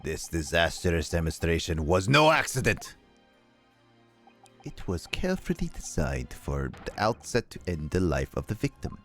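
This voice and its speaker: Man doing a deep cold prosecutor. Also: very animated, normal speed, a bit bright, faint music behind, heavily acted. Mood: accusing.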